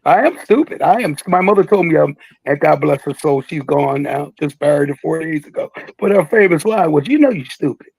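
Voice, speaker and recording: An older man tells stories as an interview guest, joking and breaking into impressions. His voice sits high and has a gravelly, husky edge. The sound is close and dry. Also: expressive, brisk, a little mellow, no room sound, rough recording. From Philadelphia. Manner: jokey, laughs a lot, slips into impressions. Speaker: guest, veteran rapper. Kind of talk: casual interview chat.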